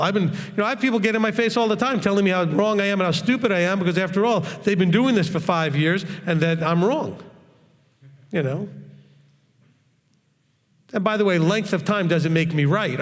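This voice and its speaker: A man's voice: on the high side, brisk. A man teaching in a Q&A session, talking in a hard, straightforward and blunt way. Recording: long reverb, echoey hall.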